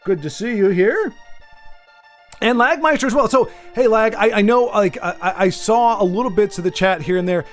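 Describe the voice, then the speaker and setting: High-voiced man chatting on a stream. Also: moderate pace, soft background music. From United States. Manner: rambling and jokey, talking straight to viewers by name. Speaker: livestreamer talking to chat. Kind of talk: casual livestream chat.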